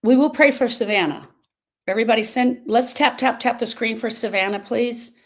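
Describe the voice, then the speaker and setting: A woman's voice: a little high, normal speed. A woman grief coach talking casually to viewers on a live stream, earnest and repeating herself as she drifts off topic.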